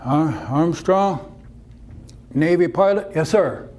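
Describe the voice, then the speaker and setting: A man playing a confused elderly retired admiral who speaks in halting questions. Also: a little high, darkish tone, slight background noise. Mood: puzzled.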